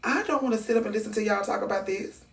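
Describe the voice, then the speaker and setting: This livestream host from Atlanta has a mid-range voice and a quick pace, sitting far from the mic. She chats casually, reacting to clips and comments with candid, profane talk, rambling and restarting her sentences.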